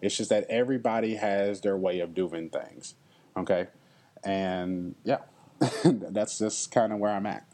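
A young man with a slightly low voice hosts a solo podcast in an earnest, reflective tone. He talks straight to his listeners and keeps checking in with a quick "okay?". At moments he sounds moved. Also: mellow. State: emotional at times. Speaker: podcast host.

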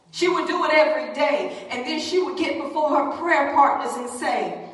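A woman preacher with a high voice tells a story to the congregation in an animated way. She is heard from far off in a big hall with long, ringing reverb. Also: moderate pace. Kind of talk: sermon storytelling.

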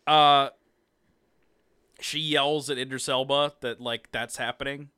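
A podcast co-host casually recaps a movie in a mid-range, clear, resonant voice with a sharp tone, fairly even intonation, and slow pace. He rambles, swears a lot, laughs often, and acts out quotes, all on a dry recording.

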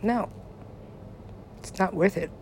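A woman in a loose, meandering monologue, unhurried and drawn out. She giggles often and swears casually as she drifts between thoughts. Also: mid-range voice, a little mellow, slight background noise.

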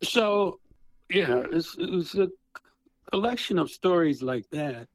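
A man's voice: a little high, lively intonation, unhurried, dry recording, rough recording. A man in his sixties, a retired prosecutor and guest author, telling stories animatedly over a phone handset. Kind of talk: storytelling interview.

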